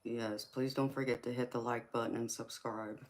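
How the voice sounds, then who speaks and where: Southern woman with a flat, even voice. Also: extremely low pitch, normal speed, a little hiss or hum. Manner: affectionate, calls viewers sweetheart and honey. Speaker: tarot reader and livestream host. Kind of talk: casual livestream chat, answering viewer comments.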